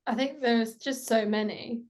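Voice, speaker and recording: Actress, casual interview guest, chatty and a bit high-pitched. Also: female voice, steady tone, unhurried. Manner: giggly, chatty storytelling with many fillers.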